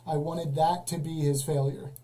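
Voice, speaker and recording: A man's voice: fairly high pitch, flat delivery, normal speed, mellow, low-quality recording. A man hosting a live call-in stream, questioning callers in a dry, sarcastic way. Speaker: livestream host. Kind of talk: casual live call-in chat.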